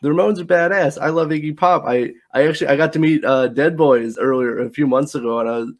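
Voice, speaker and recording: A man's voice: fairly high pitch, fairly even intonation, quick pace. Eager male podcast host. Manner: eager, lots of "you know" fillers. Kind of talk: casual interview chat.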